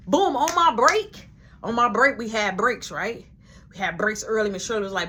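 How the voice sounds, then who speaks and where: A man casually telling a story about a shift at work, animatedly acting out everyone's lines. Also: high voice. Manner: animated, acts out dialogue, quick quoting.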